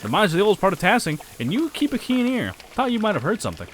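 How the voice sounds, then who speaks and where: A man reading as a skeptical young woman painter, plain reading voice, animated pitch. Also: quick pace, noisy background. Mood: curious.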